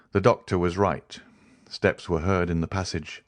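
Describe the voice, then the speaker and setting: A man narrating a classic novel audiobook in an even, measured reading. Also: deep voice. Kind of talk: scripted narration.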